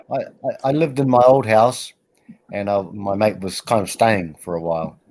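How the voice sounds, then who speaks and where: A man's voice: on the low side, measured pace, a little mellow. A man, chatting casually on a group stream, protesting and laughing as he tells rambling stories. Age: 40s. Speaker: regular on a livestream chat.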